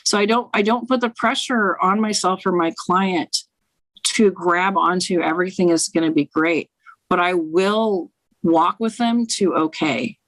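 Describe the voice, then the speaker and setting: A woman's voice: on the low side, unhurried, fairly bright tone, no room sound, rough recording. Blunt woman tarot reader, swears a lot, casual chat, dry close sound. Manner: blunt, frank, swears freely. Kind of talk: casual conversation, interview guest.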